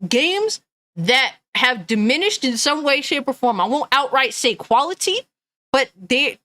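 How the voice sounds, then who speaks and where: Reading out chat comments, this gaming news streamer vents in a blunt, furious, profanity-laced rant. She speaks with a sharp tone that sits high, and the recording has no room sound.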